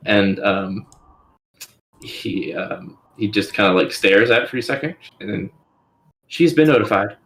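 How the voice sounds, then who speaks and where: A man narrating as dungeon master, halting and full of filler words. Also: fairly low pitch, fairly even intonation, a bit bright. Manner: halting, full of ums and likes. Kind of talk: narrating a tabletop game.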